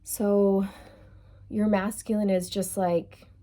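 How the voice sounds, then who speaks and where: A woman talks through a tarot card reading at a slow, easy pace. Her voice is soft and mellow, and her phrasing meanders, looping back over the same words. She often breaks into light laughter at her own stumbles. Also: medium pitch, level tone. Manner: loose and chatty, repeats phrases, laughs at her own slips. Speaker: tarot reader.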